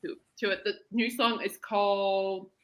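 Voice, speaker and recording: A woman's voice: mid-range voice, level tone, a little slow, a bit bright. A woman hosting a podcast, chatting casually and rambling through stories. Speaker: podcast host. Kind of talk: casual chat.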